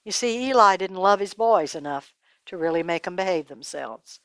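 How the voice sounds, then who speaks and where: A woman telling a Bible story to children in an animated, dramatic way, dropping her voice to a hush at times. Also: fairly low pitch, normal speed, dry recording.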